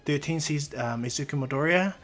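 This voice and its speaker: A man's voice: on the high side, a little fast, a bit bright. A man casually narrating a fan story, rambling along with restarts and fillers.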